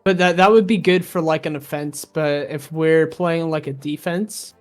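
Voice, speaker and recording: A man playing in a tabletop game, chatty and jokey and quick to back up the others' plans. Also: on the high side, steady tone, soft background music. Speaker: player. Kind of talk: casual tabletop game chat.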